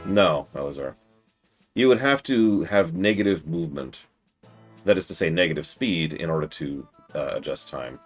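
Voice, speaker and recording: A man's voice: sits low, animated, normal speed, faint music behind. A man streaming a role-playing game, chatting casually and joking, reading the dialogue aloud and teasing his co-streamer. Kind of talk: casual gameplay commentary.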